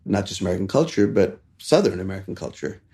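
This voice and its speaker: Male chef from India, animated anecdote-teller, laughs easily. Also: fast, vocal fry. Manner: animated, laughs often, shifts pitch for quoted voices. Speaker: chef and guest. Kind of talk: casual interview storytelling.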